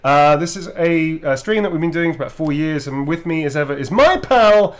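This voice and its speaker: A man's voice: on the high side, steady tone, a little fast. A man hosting an autograph live stream, chatting casually in a playful, self-mocking way.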